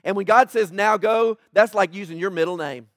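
High-voiced male pastor preaching conversationally. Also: quick pace, no room sound, clean studio sound. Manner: conversational preaching, often asking the congregation "right?"; animated, with jokes and asides to the congregation. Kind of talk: sermon.

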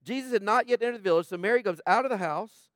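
Preaching man, rising and hushed by turns. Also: sits high, fast, no room sound, clean studio sound. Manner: preaching with rhetorical questions, swinging between hushed and loud. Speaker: pastor. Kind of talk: sermon to a live congregation.

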